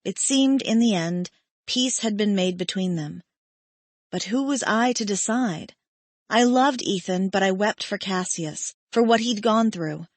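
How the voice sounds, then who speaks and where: A woman reads a first-person romance audiobook in a measured, emotive voice at a slow pace. Her tone sits in a middle range, recorded close and dry with no room around it. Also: mid-range voice, no echo. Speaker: audiobook narrator.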